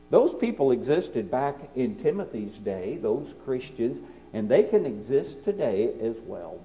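A man delivers a sermon in a high, animated voice that climbs and falls widely. His tone is mellow rather than bright, and he moves between forceful emphasis and quiet, hushed asides. The recording sounds dull and lo-fi. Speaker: preacher.

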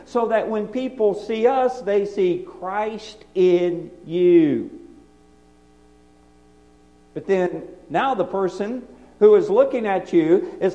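A man preaching a sermon, swinging from loud emphasis to quiet, hushed asides. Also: high-pitched. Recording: dull lo-fi recording.

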